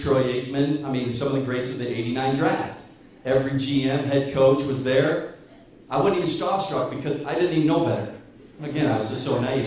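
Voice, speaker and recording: A man in his fifties tells stories from the stage, lively and chuckling as he goes. His voice rings through a large, echoey hall, picked up from a distance. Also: medium pitch. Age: 50s. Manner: storytelling, animated, chuckling through anecdotes. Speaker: guest speaker. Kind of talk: motivational speech.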